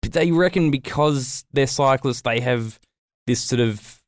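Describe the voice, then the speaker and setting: A man co-hosting a podcast, ranting and swearing as he tells his story. His voice sits at a middle pitch. The sound is dry and close, with no room in it. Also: slow, dry recording. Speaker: podcast co-host. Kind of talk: casual chat.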